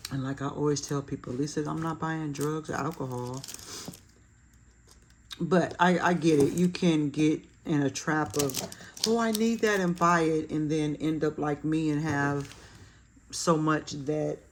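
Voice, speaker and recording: Slow-talking chatty woman decorating a planner. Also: sits low, little pitch movement, slight background noise. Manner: chatty, laughs at herself, self-deprecating. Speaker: planner vlogger. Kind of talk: casual chat while decorating a planner.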